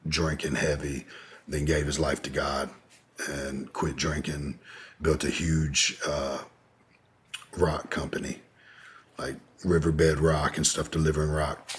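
Super deep raspy guy, laid back, swearing, telling a story on a podcast. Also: little pitch movement, slow. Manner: laid-back, profane, rambling with fillers. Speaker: podcast guest. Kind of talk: casual storytelling in an interview.

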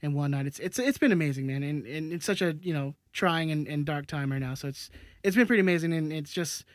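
A man's voice: a little high, fast, dry recording. A man co-hosting a podcast in casual chat, often repeating words as he talks. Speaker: podcast co-host.

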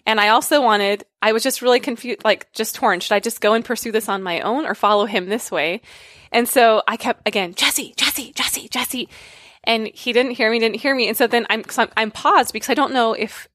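A woman's voice: a little high, steady tone, brisk, fairly bright tone, no room sound, clean studio sound. A woman telling a story in casual conversation, acting out quotes and laughing often. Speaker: guest.

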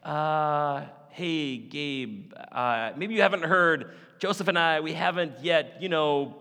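A man's voice: fairly high pitch, takes it slowly, bright, forceful tone, smooth, exaggerated voice. Brief: a distraught young woman pleading with God, acted by a male preacher, heard with long church reverb. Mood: awkward. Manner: pleading, exasperated.

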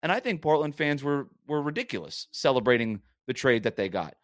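A man's voice: mid-range voice, expressive, brisk, no room sound, studio quality. A man hosting a sports podcast, arguing his points emphatically in a casual monologue with frequent rhetorical questions.

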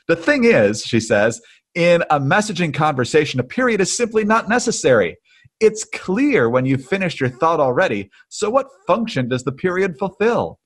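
A man co-hosting a political podcast, chatting in a wry, lively way. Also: fairly high pitch, husky. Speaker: podcast co-host. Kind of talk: casual political podcast chat.

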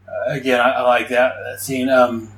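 A man's voice: mid-range voice, flat delivery, moderate pace, fairly bright tone, echoey room, a little hiss or hum, low-quality recording. A man giving a casual, rambling recap of a comic book issue, full of fillers and enthusiastic asides.

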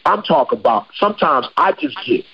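A man's voice: a little high, expressive, fairly quick, husky, dull audio. A man hosting a podcast, talking casually and emphatically with slang. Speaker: podcast host.

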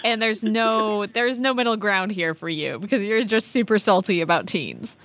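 A woman's voice: mid-range voice, normal speed, a bit bright. A woman from the US West Coast hosting a podcast, teasing and emphatic in casual chat. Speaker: podcast host.

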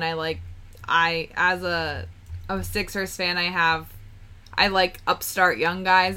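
A woman chats as a podcast guest, her voice on the lower side yet bright. She talks in a relaxed, thoughtful way and hedges her opinions. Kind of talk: casual sports chat.

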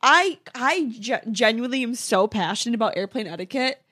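A woman's voice: fairly high pitch, animated, a little fast, fairly bright tone, breathy edge, no room sound. Enthusiastic woman with a dry close sound. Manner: enthusiastic, eager reactions. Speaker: podcast co-host. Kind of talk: casual chat. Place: hotel room.

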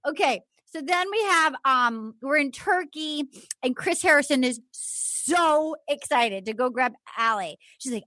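Casting: high, bouncy woman host, very expressive, recorded dry and close. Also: dry recording. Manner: animated, giggly, quick to act out others. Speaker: podcast host. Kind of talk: casual chat.

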